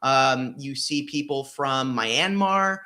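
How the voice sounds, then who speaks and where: A man's voice: medium pitch, takes it slowly, pushed and bright. A man in casual podcast discussion, talking emphatically with frequent fillers and blunt profanity.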